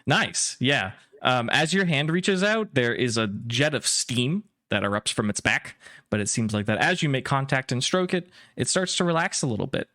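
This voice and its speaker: A man narrates as game master of a tabletop game, painting scenes with filler-laced storytelling. His pitch swings widely. The sound is close and dry. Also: normal speed, dry recording. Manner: descriptive, lively storytelling with many ums.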